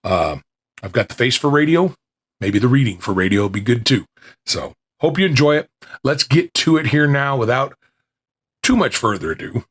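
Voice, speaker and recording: A man's voice: medium pitch, expressive, moderate pace, a bit bright, breathy edge. A man hosting a small podcast, chatting casually with restarts, then reading an old lecture aloud, his voice still recovering. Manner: rambling and self-deprecating, with restarts.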